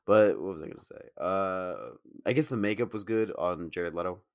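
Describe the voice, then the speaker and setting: A man with a very deep voice picks apart a film in relaxed podcast chat. He sounds blunt, critical and loose with his swearing. The recording is dry and close, with no room echo. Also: normal speed. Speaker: podcast co-host. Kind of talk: casual film discussion.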